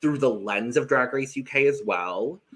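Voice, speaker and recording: Bright-voiced man co-hosting a chat podcast. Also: medium pitch, moderate pace, soft background music. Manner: laughs often, eager. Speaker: podcast co-host. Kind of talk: casual chat.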